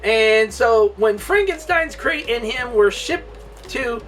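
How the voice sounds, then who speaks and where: A man's voice: very high voice, animated, takes it slowly, a bit bright, recorded from a distance, a little hiss or hum. A man hosting a casual movie review, rambling and laughing often mid-sentence.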